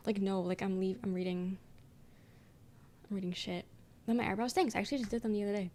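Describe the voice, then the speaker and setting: A woman's voice: mid-range voice, fairly even intonation, fast, a little mellow. Young woman streamer just yapping w chat, lots of ums and likes, swears casually. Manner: rambling, filler-heavy, swears casually, frequent "um". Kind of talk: casual chat reading viewer messages.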